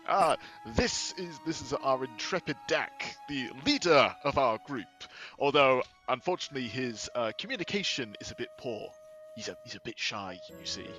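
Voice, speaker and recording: A man voicing a boastful, pompous gentleman adventurer with a put-on French manner. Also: mid-range voice, lively intonation, moderate pace, faint music behind.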